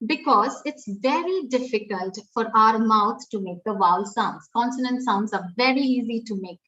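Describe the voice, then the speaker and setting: A fairly high-voiced woman with an Indian English accent speaks from a little way off the microphone, and her audio is dull. She teaches step by step in a webinar and often restarts with "uh" and "um.". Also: normal speed, a bit bright, far from the mic, slight background noise. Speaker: pre-primary educator giving a webinar. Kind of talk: webinar talk.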